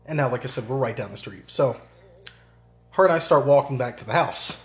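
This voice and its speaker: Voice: mid-range voice, brisk. A podcast co-host telling family anecdotes with laughter and casual swearing, recorded in a basement. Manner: laughing, profane anecdote teller. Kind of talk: casual chat. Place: suburban basement. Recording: roomy basement echo, faint hiss.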